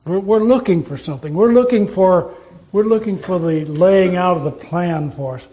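A man's voice: high-pitched, moderate pace, warm tone. A man preaching a sermon in a folksy, storytelling way, asking his listeners rhetorical questions.

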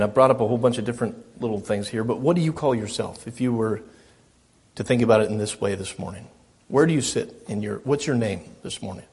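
A man's voice: on the low side, a little mellow, breathy edge. A middle-aged man preaching a sermon as a pastor, earnest and self-deprecating, often repeating his phrases.

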